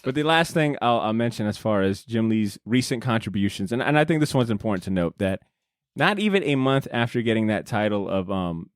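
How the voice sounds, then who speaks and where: A man's voice: fairly low pitch, lively intonation, a little fast, smooth, no room sound. Podcast host, young man, casual rambly presenter, dry close-mic sound. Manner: rambling, profane, laughs often. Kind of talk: casual chat. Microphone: studio podcast mic.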